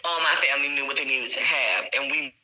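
Bright-voiced chatty man. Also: medium pitch, quick pace, low-quality recording. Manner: rambling, chatty, with frequent fillers and laughs. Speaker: guest teacher living in China. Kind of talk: casual interview chat.

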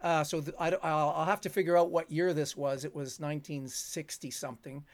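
A man's voice: fairly high pitch, steady tone, a little fast, no room sound. An older man, telling a long story as a guest, rambling and chuckling with plenty of fillers. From Canada. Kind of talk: storytelling in a conversation.

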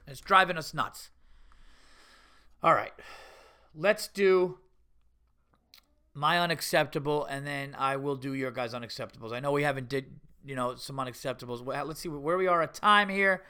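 A middle-aged man hosting his own podcast, telling stories in a loose, profane, animated way. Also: a little high, normal speed, pauses often, smooth. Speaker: podcast host. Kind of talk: casual solo podcast monologue.

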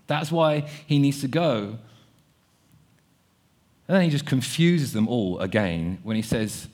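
A man's voice: medium pitch, a little slow, pauses often. A young man preaching a sermon, earnest, often repeating words as he thinks aloud. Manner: earnest, repeats words, shifts between quiet and animated.

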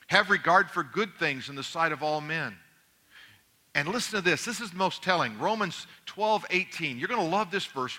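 A man's voice: fairly high pitch, bright, forceful tone. A middle-aged male pastor preaching a conversational sermon, acting out little dialogues from home life.

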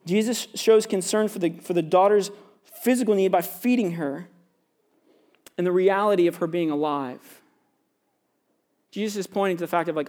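A man's voice: high voice, moderate pace, long pauses, darkish tone. A male pastor preaching a sermon in a loose, conversational way, often asking "right?".

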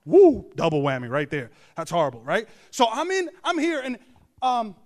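A man pastor delivering a humorous storytelling sermon to his congregation, animated with joking asides and bursts of shouting. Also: sits high, normal speed. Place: church service before a congregation.

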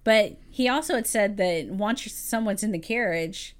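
Woman, podcast co-host, chatty, laughs easily, mid pitch. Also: a little slow. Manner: chatty, laughing, playfully scolding. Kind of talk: casual chat recapping a film.

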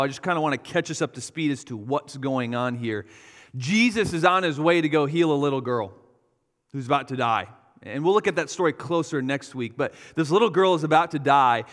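A man's voice: fairly high pitch, a bit bright, long reverb tail. A man in his thirties, a pastor preaching a sermon, telling a family story with quoted voices. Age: 30s.

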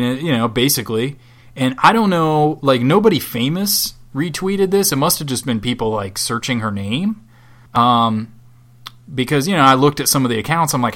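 A man of middle pitch talks in a loose, rambling way, full of dry sarcasm and swearing. He is co-hosting a casual podcast and wanders from point to point. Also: a bit bright. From Southwest Florida. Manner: profane, rambling, sardonic. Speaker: podcast co-host. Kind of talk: casual chat.

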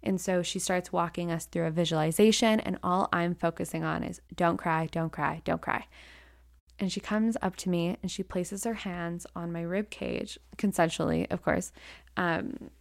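A woman's voice: on the low side, vocal fry, no room sound, studio quality. Candid young woman telling a story. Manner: candid, rambling with many "like" fillers. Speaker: acting teacher. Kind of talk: personal storytelling.

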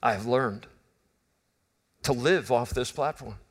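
A man's voice: mid-range voice, slow. A man in his fifties preaching a sermon, telling a personal story in an earnest, conversational way. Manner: earnest, conversational storytelling, swings from loud bursts to quiet intimacy.

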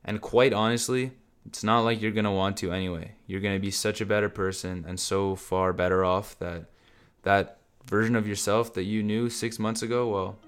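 A man's voice: lowish voice, fairly even intonation, normal speed. A man hosting a solo motivational podcast, talking bluntly and casually to his listeners and swearing freely. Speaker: podcast host.

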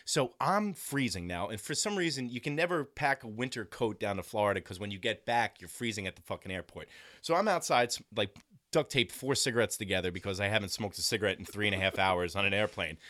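A man telling a profane, animated travel story in a casual chat. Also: lowish voice, quick pace, no room sound, clean studio sound.

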